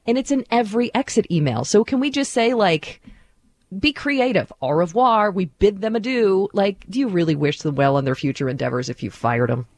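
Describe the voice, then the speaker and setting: A woman's voice: on the low side, animated, brisk, darkish tone, no room sound. A woman radio co-host joking in a playful, self-mocking way during casual on-air banter.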